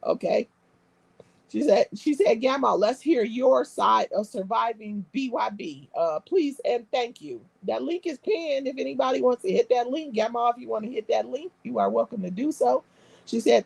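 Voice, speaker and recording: Brash gravelly woman hosting a live stream. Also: high voice, lively intonation, normal speed, a little mellow, no echo. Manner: brash, streetwise, profane banter with laughter. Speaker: live stream host reading comments. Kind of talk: casual live-stream chat.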